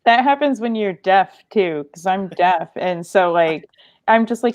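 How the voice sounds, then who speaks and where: A woman chatting casually on a video call, animated and laughing as she talks. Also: mid-range voice, unhurried. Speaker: panelist on a live video show. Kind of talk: casual chat.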